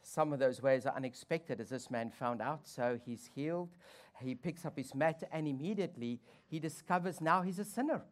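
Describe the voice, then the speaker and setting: A pastor giving a sermon with playful asides and wry humor. The delivery swings from loud, high emphasis to low, quiet reflection. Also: normal speed.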